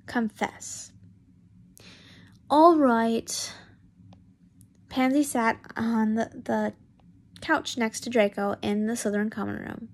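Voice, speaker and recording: Halting young woman reading fanfiction aloud. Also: on the high side, steady tone. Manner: halting, stumbles and restarts often. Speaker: fanfiction reader.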